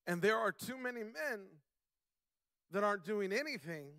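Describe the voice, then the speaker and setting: A young man preaching a sermon, slowing down to stress key words and building to loud, emphatic passages. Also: sits high, animated, no room sound, studio quality. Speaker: pastor; father.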